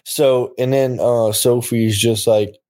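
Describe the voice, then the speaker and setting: A man in casual chat, rambling and halting as he recaps a show. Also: medium pitch, steady tone, dark tone. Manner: rambling, halting, frequent laughs, profanity. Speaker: podcast co-host.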